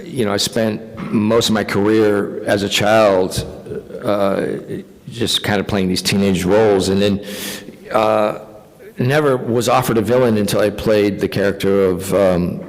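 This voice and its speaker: A man, an actor guest at a fan convention panel, telling animated anecdotes with casual swearing. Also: on the low side. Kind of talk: convention Q&A storytelling. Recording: long reverb of a convention hall.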